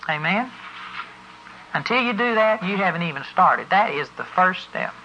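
A preacher delivers a forceful sermon, pressing each point and spelling words out letter by letter. The voice is bright and sharp-edged. The church recording sounds dull and lo-fi. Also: mid-range voice, lively intonation, normal speed, slight background noise. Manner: emphatic, spells words out for stress. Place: church service before a congregation.

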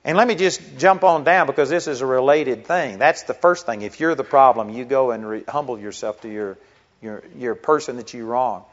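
On a dull, lo-fi recording, a middle-aged pastor delivers a sermon in a mid-range voice at a moderate pace. He speaks earnestly and conversationally, working up to emphatic passages.

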